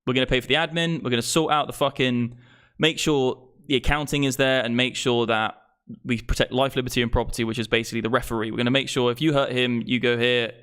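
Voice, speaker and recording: A young man hosting a crypto livestream launches into a fired-up, profane political rant, swearing freely and getting worked up into his streaming microphone. His mid-range voice is smooth and a bit bright.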